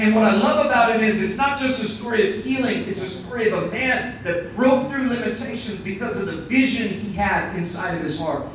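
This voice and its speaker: A man preaching a sermon in a church hall, animated and acting out the people in the story. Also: sits high, a little hiss or hum. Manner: animated, acts out quotes and shouts. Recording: very echoey hall, mic at a distance.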